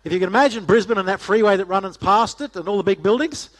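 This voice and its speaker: A man's voice: high voice, lively intonation, quick pace. A middle-aged man giving a casual, joking talk to a church audience, often asking them questions. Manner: jokey, chatty, asks the audience questions. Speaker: guest speaker.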